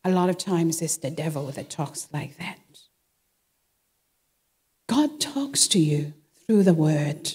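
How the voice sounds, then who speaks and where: A woman's voice: takes it slowly, long pauses, slightly rough. A woman pastor preaching a sermon, emphatic and repeating her key phrases. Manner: emphatic, repeats phrases, lively pitch swings. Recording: long reverb in a big hall.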